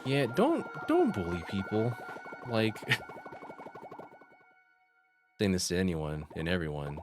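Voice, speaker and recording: A man's voice: low voice, big pitch swings, slow pace, long pauses, background noise. A man commenting casually while streaming a game, chatty and reacting to chat. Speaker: gaming streamer.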